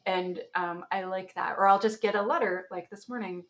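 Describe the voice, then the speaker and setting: A woman from Canada, a podcast guest chatting casually and telling animated stories with lots of fillers. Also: medium pitch, normal speed, vocal fry. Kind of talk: casual chat.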